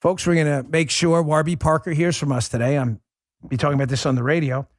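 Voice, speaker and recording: Sarcastic high-voiced male talk host. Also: fast talker, no room sound, clean studio sound. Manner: sarcastic, mocking; animated, swings pitch when mimicking. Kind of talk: political talk show monologue.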